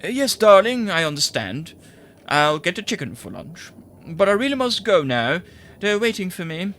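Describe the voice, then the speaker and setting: A man voicing a fussy middle-aged newspaper editor who rushes to end a phone call in a placating tone, his voice raised in pitch. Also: very animated, a bit bright, full character voice. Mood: hurried. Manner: hurried, placating.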